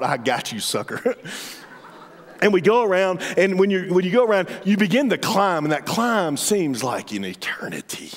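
A man, preaching a humorous storytelling sermon in church. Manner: storytelling, humorous, drops to a soft low voice for emphasis. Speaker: pastor. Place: church sanctuary. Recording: reverberant church hall.

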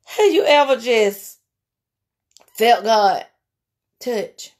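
A woman giving an informal sermon in a folksy way, calling her listeners honey and slipping into soft, murmured prayer. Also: medium pitch, fairly even intonation, moderate pace. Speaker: preacher.

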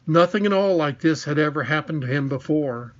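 A man's voice: on the high side, brisk, highs cut off. A man reading a children's fantasy novel aloud as scripted narration. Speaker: audiobook reader.

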